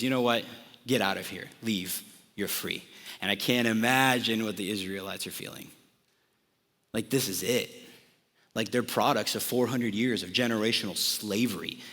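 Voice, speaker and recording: A man's voice: mid-range voice, a bit bright, big-room sound. A young man giving a casual, conversational sermon to a college audience, telling the story loosely with plenty of fillers. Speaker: college ministry speaker. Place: outdoors in a desert.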